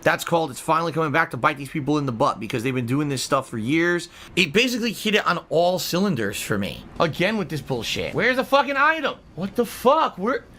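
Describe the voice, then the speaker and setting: A man streaming a video game, ranting angrily and swearing heavily, lurching from loud outbursts to low grumbles. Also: lively intonation, fast talker, few pauses, a little hiss or hum. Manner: angry, profane ranting; swings between high outbursts and low grumbles. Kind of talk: gaming livestream commentary.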